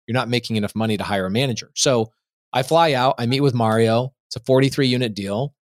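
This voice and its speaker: A man on a podcast as the guest, telling a business story in an emphatic, quick way and acting out what people said. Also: mid-range voice, no room sound. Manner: emphatic, fast, acts out quotes. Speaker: podcast guest, real estate investor. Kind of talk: animated interview storytelling.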